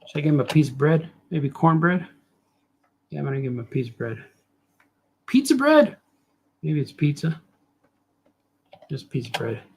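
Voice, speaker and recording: A man's voice: a little high, animated, normal speed, gravelly, pauses often, a little mellow, a little hiss or hum. A man cartoonist chatting casually and thinking aloud as he draws, rambling and cracking jokes. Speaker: cartoonist drawing on a show. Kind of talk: casual commentary while drawing.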